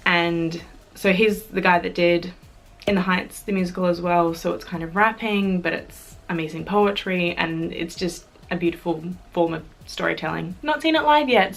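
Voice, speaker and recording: A young Australian woman chatting casually to camera in a vlog, bubbly and chatty with fillers and giggles. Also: on the low side. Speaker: YouTuber.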